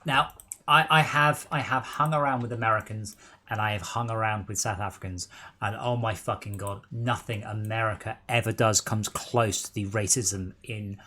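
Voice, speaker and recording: A man's voice: fairly low pitch, steady tone, normal speed, sharp tone. Blunt mocking Englishman chatting over a game. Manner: blunt, mocking, stumbles and repeats words. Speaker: gaming stream regular. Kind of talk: casual banter while playing.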